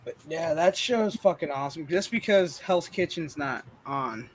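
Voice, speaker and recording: A man hosting a casual stream chat, telling animated, profane stories. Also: a little high, normal speed, slight background noise. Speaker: streamer host.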